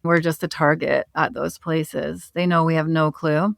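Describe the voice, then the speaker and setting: On a podcast, a female travel author animatedly recounts a trip in a conversational way, breaking into laughter at times. Her voice sits low, unhurried and gravelly, recorded in a clean studio with no room sound.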